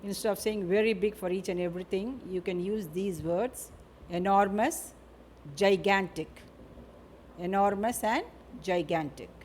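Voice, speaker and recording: A woman teaching an English vocabulary lesson. She speaks slowly, repeats each word and example, and ends points with a tag question. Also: mid-range voice, darkish tone, a little hiss or hum.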